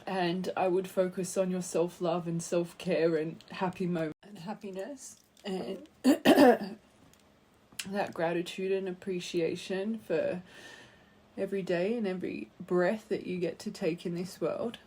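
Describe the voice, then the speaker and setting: A woman giving a tarot card reading to her viewers, speaking gently and heartfelt and calling her listeners her angels. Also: fairly low pitch, fairly even intonation, a little slow, slightly rough. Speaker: tarot reader.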